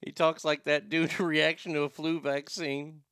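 A man's voice: a little high, flat delivery, normal speed, fairly bright tone, clear, resonant tone, no room sound, clean studio sound. A man giving loose, rambling commentary on a clip, with sighs and the odd curse. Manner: rambling, sighing, swearing. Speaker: streamer reacting to clips. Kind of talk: casual commentary.

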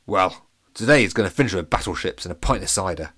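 A man's voice: sits low, lively intonation, quick pace, a bit bright. A man voicing a grumpy two-inch-tall pirate in a storybook. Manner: grumpy, gruff.

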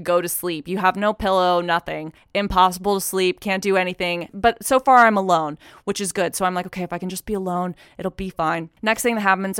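A young woman telling a casual story, animated and profane, acting out the voices of the people in it. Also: medium pitch, smooth, no echo, studio quality. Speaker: storyteller guest.

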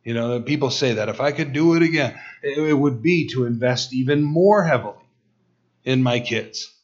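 A middle-aged male preacher tells a story in his sermon, speaking in quick bursts with stammered restarts. His voice sits at an everyday middle pitch. The recording sounds dull and lo-fi.

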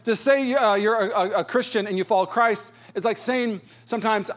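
A pastor in his thirties preaching a sermon with a fairly high, light voice. He talks in a conversational, storytelling way and pokes fun at himself. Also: moderate pace, fairly bright tone. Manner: conversational, storytelling with self-deprecating humor.

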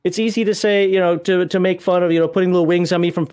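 A man hosts a gaming livestream, talking loosely and animatedly. His voice sits high for a man, and he laughs often and stumbles through restarts as his thoughts outrun his words. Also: fairly even intonation, fast, a little mellow, smooth. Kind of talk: casual chat.

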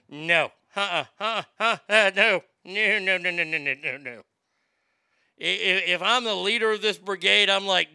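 A man hosting a live show, riffing on the news in a loud, profane, mocking rant full of stammers and jokes. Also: sits high, moderate pace, vocal fry, smooth, no room sound, clean studio sound. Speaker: live show host reading chat.

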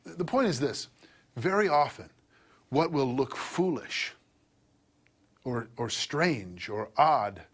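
A middle-aged man preaching a sermon in a loose, conversational way, with a husky, slightly breathy voice. He asks his listeners question after question and slips into mocking voices to act out what people say. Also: mid-range voice, expressive, takes it slowly, long pauses. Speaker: pastor.

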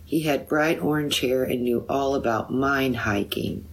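A woman reading a poem aloud, voicing a gentle, dreamy wife who raises her voice to be heard. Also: very deep voice, measured pace, pitched above the performer's own voice. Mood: calling out.

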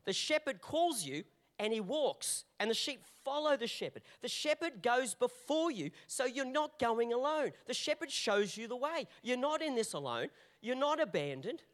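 A male pastor preaching a sermon, with a fairly high voice. He speaks in an animated, repetitive way and often restarts his phrases as he drives each point home. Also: moderate pace.

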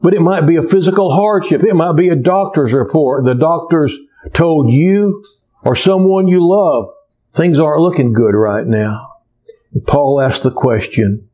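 A man's voice: fairly high pitch, measured pace, mellow. A man preaching a sermon to a church congregation, with an emphatic cadence that rises and falls.

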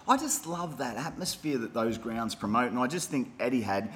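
An Australian man co-hosting a casual podcast, animated, jokey and given to swearing. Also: medium pitch, moderate pace, a little hiss or hum. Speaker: podcast co-host.

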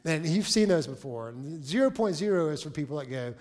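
Higher-voiced pastor preaching in a reverberant hall. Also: male voice, normal speed. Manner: lively storytelling, acts out dialogue. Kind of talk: sermon. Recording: long reverb of a large hall.

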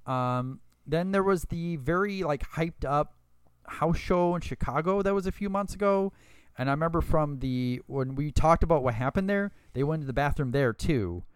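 Smooth-voiced man recapping casually. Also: on the high side, lively intonation, moderate pace, no echo. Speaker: podcast co-host. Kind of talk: casual wrestling recap chat.

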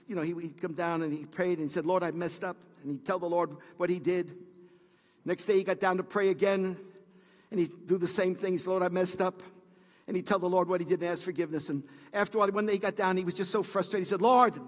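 A man preaches to his church, his voice sitting high for a man. He pulls the room in with quiet, low lines, then rises to loud, soaring cries. The sanctuary gives every phrase a long echoing tail. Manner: preaching with swells from hushed lows to shouted peaks. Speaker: pastor. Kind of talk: sermon.

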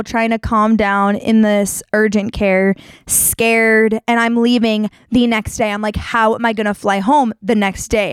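A young woman hosting a show, telling a personal story in a casual, animated way and leaping up in pitch when she acts out what people said. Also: clear, resonant tone, no room sound. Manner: animated, jumps to high pitch acting out quotes. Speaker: podcast host.

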